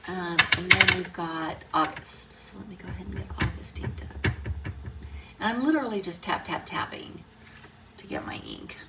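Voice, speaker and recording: A middle-aged woman, a card-making instructor, gives a casual crafting tutorial, chatty and thinking aloud as she works. Her voice sits on the low side at a moderate pace. The mic is distant and the room noisy.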